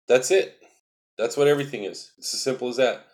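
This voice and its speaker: A man's voice: mid-range voice, a little fast, a little mellow. A man hosting a casual livestream, explaining spiritual ideas in an earnest, repetitive, emphatic way and answering viewer chat.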